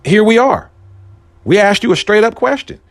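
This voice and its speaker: A man delivers a heated, slangy commentary monologue as host of his show. His pitch swings widely, jumping up for emphasis and dropping low again. The delivery stays emphatic and argumentative throughout. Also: animated, normal speed. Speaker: podcast host.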